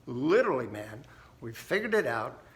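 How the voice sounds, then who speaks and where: A man's voice: mid-range voice, very animated, moderate pace, a bit bright. A man voicing a pushy male federal government agent who insists he is there to help. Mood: eager. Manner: eager, insistent.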